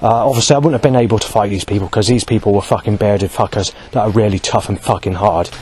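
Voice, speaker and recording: A man's voice: on the low side, quick pace, darkish tone, breathy edge, rough recording. A man giving an angry, rambling spoken account, swearing heavily and correcting himself often. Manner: heavily profane, agitated, rambling with many self-corrections. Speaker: vlogger.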